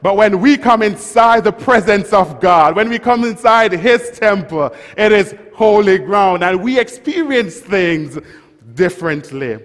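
A man preaching a sermon, leading the church in call-and-response and rising to shouts. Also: sits high, lively intonation, unhurried, long reverb tail. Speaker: pastor. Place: church sanctuary.

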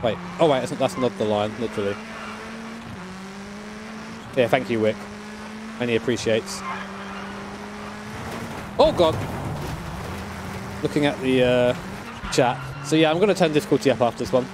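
A man's voice: mid-range voice, moderate pace, pauses often. Male streamer, casual and jokey, swears a lot, game engine noise underneath. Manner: casual, joking, swears freely. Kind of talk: live-stream gaming commentary. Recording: game car noise behind. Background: racing game engine sounds.

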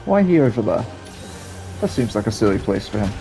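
A man's voice: lowish voice, very animated, a little fast, mellow, soft background music. A young man giving casual, rambling gameplay commentary as a channel host, hesitant and full of ums.

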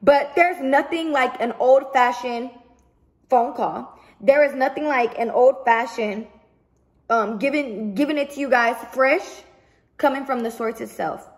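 A woman's voice: high-pitched, measured pace. A woman vlogger in a heated storytime rant to camera, swearing often and repeating herself for emphasis. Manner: profane, emphatic, repetitive venting.

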